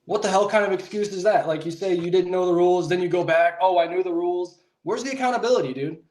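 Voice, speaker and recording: Ranting fan caller in an echoey room. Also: male voice, sits high, fast, a little mellow. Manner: ranting, frustrated, casual slang. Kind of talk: fired-up fan rant.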